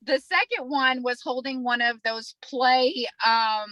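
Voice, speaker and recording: A woman casually telling a story on a podcast, animated and profane, acting out the people in it. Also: high-pitched, slow, no echo, rough recording.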